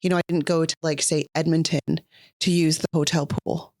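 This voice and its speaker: A woman chatting casually as a podcast co-host, relaxed and agreeable. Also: sits low, normal speed, no echo, clean studio sound. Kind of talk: casual chat.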